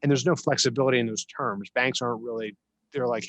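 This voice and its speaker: A man's voice: mid-range voice, fast, no echo. A man from South Jersey, a guest in an interview, talking casually with many restarts and easy chuckles. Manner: relaxed, many restarts and fillers, chuckles often. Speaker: interview guest, investor and attorney.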